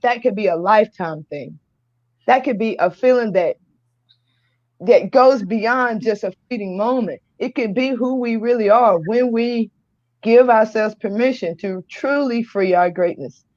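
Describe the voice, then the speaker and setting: Woman, high voice, exuberant livestream host, dull dry computer audio. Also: normal speed, no echo. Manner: exuberant, shouts and laughs while reading viewer comments. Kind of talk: casual livestream chat. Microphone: computer mic on a live video call.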